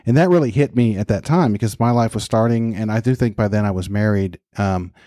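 Brisk and warm-toned, a fifty-something man with a lowish voice co-hosts a podcast in clean studio sound without room noise. Casual and reflective, he frequently starts his sentences over.

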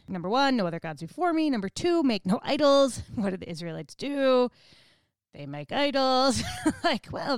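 Woman Bible teacher, smooth voice, a bit high, chatty, animated. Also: no echo. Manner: chatty, laughs often, animated paraphrase.

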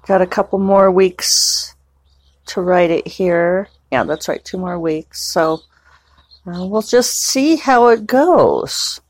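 A woman novelist chats casually at home in a casual vlog style, rambling and digressing with plenty of fillers. Her voice is fairly low and slow, with no room sound.

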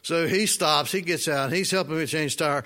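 A man preaching a sermon, telling a personal story in a folksy, animated way and asking the congregation questions. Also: fairly high pitch, normal speed. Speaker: pastor.

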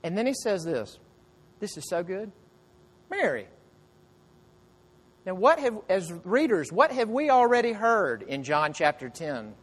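A man preaches a sermon with a fairly high voice, telling the story conversationally and throwing rhetorical questions at his listeners. His voice rings out with a long reverb, as in a large hall. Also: very animated, measured pace, pauses often. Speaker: pastor.

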